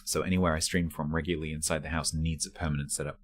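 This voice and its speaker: A man's voice: rumbling low, flat delivery, very fast, few pauses, a little hiss or hum. A man chatting casually on a live stream at home while packing to move. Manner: rambling, chatty while sorting cables.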